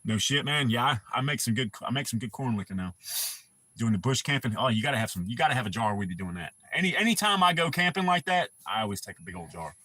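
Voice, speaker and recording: Husky guy on his livestream, rambling stories and cussing, kinda bright tone. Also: medium pitch, animated, quick pace, no echo. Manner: rambling, profane storytelling. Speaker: livestream host. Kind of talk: casual livestream chat.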